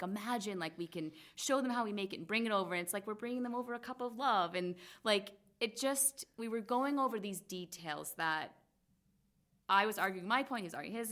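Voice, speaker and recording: A woman's voice: lowish voice, a bit bright. A woman in her forties, a salon co-owner, telling her story candidly in casual podcast conversation, acting out remembered dialogue with lots of "like" fillers. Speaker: guest, salon co-owner and hairstylist.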